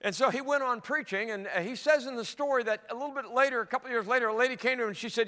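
A middle-aged male pastor preaching a sermon, swinging between loud emphatic peaks and soft low asides. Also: very fast, hardly any pauses. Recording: long hall reverb.

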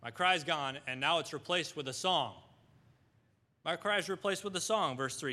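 A man's voice: fairly high pitch, normal speed, bright, forceful tone, in a large hall. A man preaching a sermon, reading scripture aloud in old wording and asking the listeners questions.

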